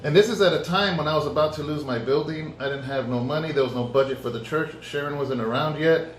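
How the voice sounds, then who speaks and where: A man, a pastor, giving a conversational sermon testimony and acting out his own dialogue in lively storytelling. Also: fairly high pitch, fast talker, a little hiss or hum. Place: church. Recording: echoey room.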